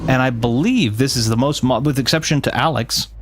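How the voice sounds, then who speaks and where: A man's voice: medium pitch, brisk, slight background noise. A man talks through a game on a live stream, chatting with his viewers as he plays. He rambles, often restarts his sentences and corrects himself mid-thought. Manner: reads game text aloud between chatting with viewers. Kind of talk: casual gameplay commentary with live chat.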